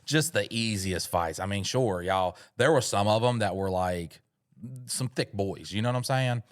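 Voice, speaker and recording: A man's voice: fairly low pitch, normal speed. A man co-hosting a podcast, telling a rambling comic story full of swearing. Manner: profane, rambling, animated. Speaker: podcast co-host. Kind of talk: comedic storytelling.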